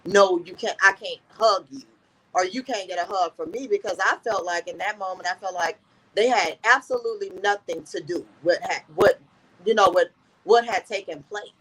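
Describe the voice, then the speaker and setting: A woman's voice: mid-range voice, normal speed, a bit bright, breathy edge, poor audio. A woman guest in an interview, earnestly telling a personal story and often repeating "I said" as she recounts conversations.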